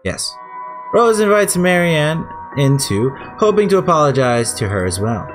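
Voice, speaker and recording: A man's voice: on the high side, sing-song, measured pace, music in the background. A man giving casual let's-play commentary, rambling and irreverent, swearing now and then. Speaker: gamer.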